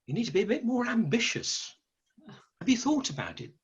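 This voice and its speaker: A scheming crow with a husky, lively voice, as a man puts him on. He lectures in a smug, persuasive way, his pitch swooping up and down. The storytelling recording sounds dull and lo-fi. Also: fairly quick, heavily acted. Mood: lecturing. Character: smooth-talking, scheming male crow.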